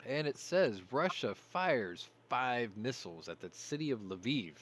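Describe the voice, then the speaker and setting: A man's voice: mid-range voice, animated, a little slow, fairly bright tone. A man hosting a casual news commentary show, rambling, going off on tangents and apologizing for them. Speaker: host.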